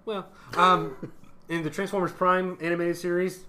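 A young man co-hosting a casual movie review podcast, excited and laughing, swearing freely. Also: sits high, moderate pace. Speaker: podcast co-host.

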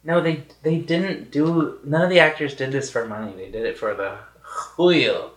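A young woman co-hosting a podcast in casual chat, animated and joking. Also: deep voice. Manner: animated, joking and quick to react. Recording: roomy echo.

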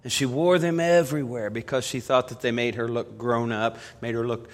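A man's voice: medium pitch, fairly even intonation, normal speed. Male preacher in a reverberant church. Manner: storytelling preacher, swings from loud emphasis to hushed appeal. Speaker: pastor. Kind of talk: sermon. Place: church sanctuary. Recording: long reverb of a church hall.

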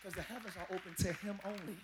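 A male pastor preaching a live sermon to his congregation, folksy and talking to them as y'all, with quiet asides that break into shouted peaks. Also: sits high, fairly even intonation, quick pace, background noise. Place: large church.

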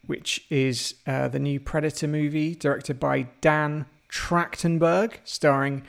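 A man co-hosting a casual podcast, his slightly high voice carrying a gravelly edge. He chats easily and laughs a lot between points. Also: flat delivery, slow pace. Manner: giggly, laughs often. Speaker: podcast co-host.

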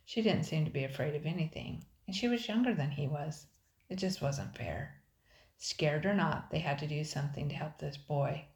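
An older woman reads a children's chapter book aloud at a steady, expressive pace. Her voice is low with a gravelly texture. The recording has a roomy echo. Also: moderate pace. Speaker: storybook reader. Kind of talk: children's story narration. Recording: echoey room.

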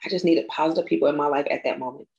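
A young woman reading a personal memorial tribute aloud, tearful and halting, stumbling and restarting as she goes. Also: low voice, darkish tone, dull audio. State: tearful, crying.

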